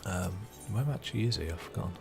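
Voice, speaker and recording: A man's voice: low-pitched, fast, gravelly, over music. A man casually commentating on his own live video game stream, chatty and amused. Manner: chatty, amused, mumbling to himself.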